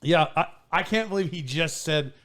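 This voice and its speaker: Man, podcast host, high voice, casual story, laughing, stumbling restarts. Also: normal speed. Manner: animated, laughing often, many restarts.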